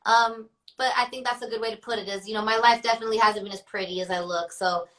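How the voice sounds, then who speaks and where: A woman's voice: mid-range voice, fairly even intonation, fast, fairly bright tone, rough recording. A young woman rapper chatting as an interview guest, laughing often and filling her talk with "like". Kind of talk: casual interview.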